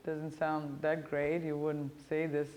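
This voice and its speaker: A woman's voice: deep voice, monotone, takes it slowly, darkish tone. A middle-aged woman, a native German speaker, teaching German in a bare classroom, explaining grammar in English with German mixed in and checking in with "ja?" and "you know". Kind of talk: classroom lecture.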